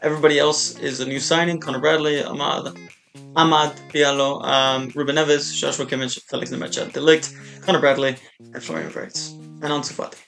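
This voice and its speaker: Excitable gamer man, shouting at goals. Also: on the high side, a little fast, gravelly, soft background music. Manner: rambling, excitable, shouts and cheers at big moments. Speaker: gaming YouTuber. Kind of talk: casual live commentary of a video game.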